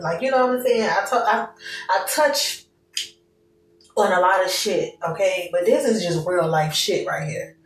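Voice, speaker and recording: A woman's voice: on the low side, moderate pace, distant mic. A young woman reads tarot for her viewers in a loose, candid way, full of slang and swearing. She sits a little back from the mic in an echoey room, and a faint hum runs underneath. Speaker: tarot reader. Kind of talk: casual tarot reading to viewers.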